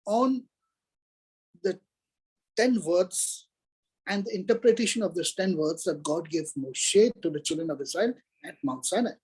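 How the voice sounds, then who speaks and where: A man's voice: sits high, husky, poor audio. A man giving an earnest Torah lecture, retelling scripture and acting out its dialogue. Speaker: Torah teacher.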